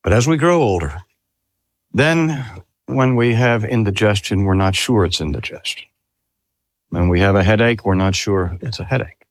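A man's voice: fairly low pitch, normal speed, long pauses, dry recording. An older man preaching a sermon. He speaks earnestly, drags out key phrases for emphasis and asks the listeners rhetorical questions. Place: talk at a cancer hospital.

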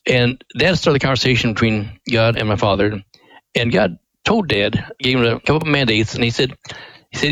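An older man speaks earnestly in a dry, close studio sound, recounting a story as an interview guest. His voice sits at an ordinary pitch. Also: normal speed, no room sound, rough recording. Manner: earnest, animated when acting out quotes. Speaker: ministry president, guest.

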